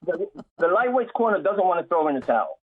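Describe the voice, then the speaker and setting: A man calling in to a radio talk show, animated as he builds a long analogy. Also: high-pitched, fast, slight background noise. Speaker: caller. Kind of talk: call-in radio chat. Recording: tinny phone line.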